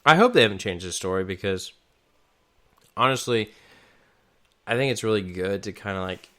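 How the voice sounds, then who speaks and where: A man with a lowish, smooth voice talks loosely through a gaming podcast. He circles his points, restarts sentences and leans on fillers as he goes. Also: moderate pace, bright, forceful tone. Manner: rambling, many restarts and fillers. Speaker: podcast co-host. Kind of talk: casual gaming chat.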